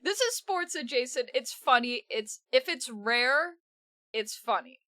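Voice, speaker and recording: A woman's voice: sits high, lively intonation, unhurried, bright, forceful tone, no room sound, studio quality. A woman streamer reacting in casual live-stream commentary, swearing a lot and breaking into laughter.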